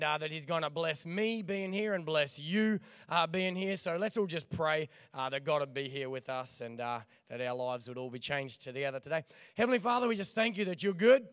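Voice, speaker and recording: A young Australian man preaching as a guest pastor to a church, energetic and joking with the crowd, his voice hoarse after nearly losing it. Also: a little high, no room sound, clean studio sound. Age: young adult. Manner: energetic, jokey, calls out to the crowd. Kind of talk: church sermon.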